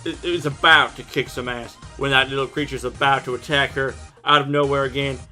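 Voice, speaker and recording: A man's voice: mid-range voice, fairly even intonation, a little fast, pushed and bright, faint music behind. A man giving a casual, irreverent episode recap of an anime, joking and swearing freely.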